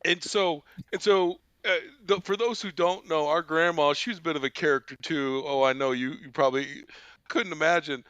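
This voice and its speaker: A man's voice: on the high side, moderate pace, fairly bright tone, clean tone, dry recording. A man hosting a podcast, telling a rambling, profane family story and laughing often. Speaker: podcast host. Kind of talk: casual storytelling.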